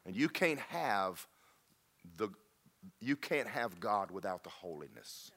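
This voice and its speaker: A man preaching a sermon in a church, telling stories and swinging from loud emphatic peaks to low quiet lines. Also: big pitch swings, slow. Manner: storytelling, rising to emphatic peaks then dropping low.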